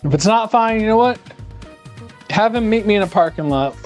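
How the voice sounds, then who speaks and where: A man's voice: high voice, animated, normal speed. A man rambling sarcastically and animatedly in casual chat while he cooks live in his home kitchen. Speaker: live-streaming home cook. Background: faint music.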